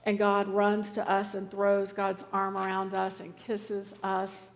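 A woman's voice: mid-range voice, completely flat delivery, slow. A woman preaching a sermon, telling a story in an earnest, pleading way. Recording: reverberant church hall.

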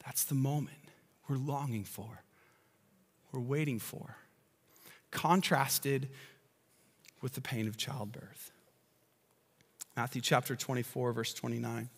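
A man preaching a sermon as a pastor, telling a personal story and building to loud, passionate peaks. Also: medium pitch, fairly even intonation, slow pace, long pauses, slightly rough. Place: church sanctuary. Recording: long church reverb.

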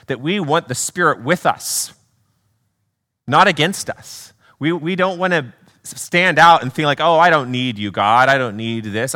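Bright-toned man preaching. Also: medium pitch. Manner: earnest, questioning, with repeated restarts. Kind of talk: sermon.

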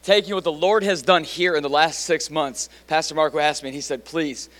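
A middle-aged man preaches with excitable energy, tossing in casual fillers as he speaks. His voice sits a little high for a man. It rings out through a large hall with a long reverb tail. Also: a little fast. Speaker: pastor. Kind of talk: sermon.

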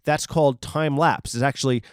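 A man riffs on a podcast in a rambling, mock-serious way, spinning absurd tangents. His voice sits at an everyday middle pitch. The sound is dry and close, with no room around it. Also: steady tone, moderate pace, clean tone, no echo. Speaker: podcast host. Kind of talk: rambling comedic monologue.

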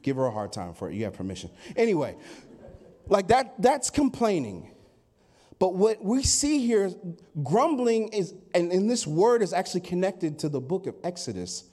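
Animated high-voiced male preacher. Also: normal speed. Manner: animated preaching, mimics complaining voices, builds to loud emphatic peaks. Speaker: pastor. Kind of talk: sermon.

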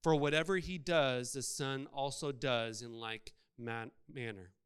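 A man's voice: mid-range voice, measured pace, clean tone. A man preaching a sermon, conversational, asking his congregation rhetorical questions. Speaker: pastor.

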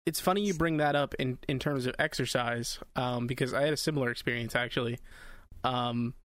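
A man co-hosting a podcast in casual chat, animated, swearing and laughing as he acts out what he quotes. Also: mid-range voice, a little fast, no echo. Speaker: podcast co-host.

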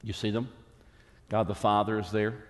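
A man preaching a sermon as a pastor, earnest and emphatic, with dramatic pauses. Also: on the low side, level tone, in a large hall.

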